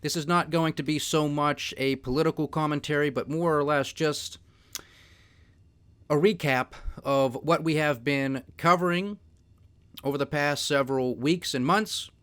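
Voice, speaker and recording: High-voiced sardonic man ranting. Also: a little slow, fairly bright tone, clear, resonant tone. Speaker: podcast host. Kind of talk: solo political and market commentary.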